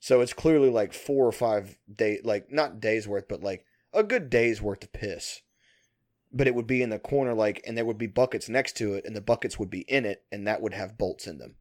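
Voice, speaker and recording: A man's voice: fairly low pitch, normal speed, darkish tone. A man in casual chat, telling long rambling stories full of swearing and frequent laughter.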